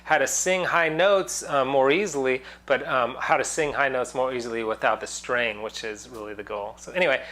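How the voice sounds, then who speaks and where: A man's voice: medium pitch, moderate pace, hardly any pauses. Male vocal coach, mid-range voice, easygoing and rambling, teaching casually to camera. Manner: relaxed, rambling explanations with many fillers and demonstrations. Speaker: singing teacher. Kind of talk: casual online singing lesson.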